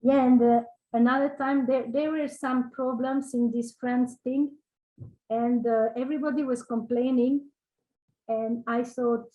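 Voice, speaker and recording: A woman tells personal stories as an interview guest, her voice sitting a little high. She talks in loose, conversational bursts. She often restarts and tacks questions onto her sentences. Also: flat delivery, measured pace, dark tone, poor audio. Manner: tells anecdotes with tag questions and frequent restarts.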